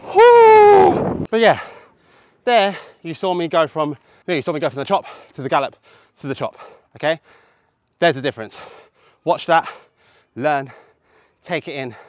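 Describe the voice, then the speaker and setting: A man's voice: a little high, moderate pace, pauses often, no room sound, clean studio sound. A man teaching roller skating in a casual tutorial, encouraging and checking in with the viewer as he goes, sounding out rhythms while he demonstrates. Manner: encouraging, checks in with 'yeah?' and 'okay?'. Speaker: roller skating instructor and channel host. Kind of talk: casual tutorial talk to camera.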